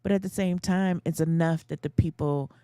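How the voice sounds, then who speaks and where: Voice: medium pitch, fairly even intonation, normal speed, mellow, smooth, no room sound. A podcast co-host chatting casually, agreeing often and adding short supportive remarks.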